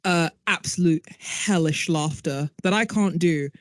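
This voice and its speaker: A woman with a sore throat narrating a tabletop horror game as game master, low-key and full of fillers. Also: unhurried, dry recording, studio quality.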